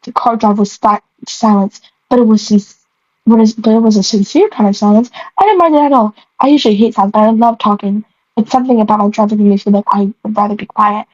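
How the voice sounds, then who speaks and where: In a dull, dry lo-fi recording, a young woman with a medium-pitched, darkish voice reads her earlier writing out loud. She talks fast in a steady tone, stumbling over words and interrupting herself to mock the story with a giggle.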